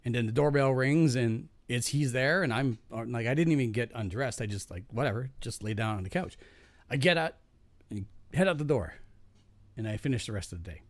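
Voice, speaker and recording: A man's voice: mid-range voice, animated, brisk, dry recording. A man in a casual podcast chat, telling profane, rambling stories from his jobs with frequent restarts and laughing at his own punchlines.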